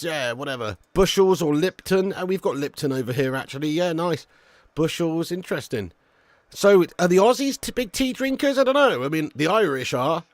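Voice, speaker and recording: A man in casual stream chat, his voice sitting a touch high and recorded close and dry. He answers viewers in a loose, jokey way, swearing freely and chuckling along. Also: no room sound. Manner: laid-back banter, swears freely, chuckles often.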